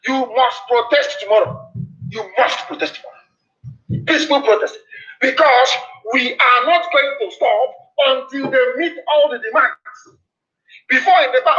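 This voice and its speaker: Speaking at a moderate pace, this Nigerian-accented man, an activist broadcaster, denounces his opponents in a passionate political address full of repeated warnings. His pitch is strikingly high, bright and strained. The sound quality is muffled and low-fi, as if played back from an old broadcast.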